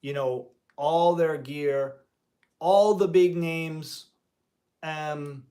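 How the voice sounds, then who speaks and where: A man's voice: on the high side, steady tone, very slow, warm tone. A man hosting a guitar channel, talking casually and indignantly to the camera in a rambling way as a part-time music teacher.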